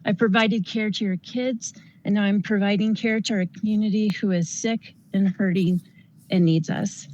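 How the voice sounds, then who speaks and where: A woman's voice: mid-range voice, steady tone, normal speed, a little mellow, muffled recording. A woman who works as a nurse, giving an earnest, pleading public comment at a county board meeting. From Colorado.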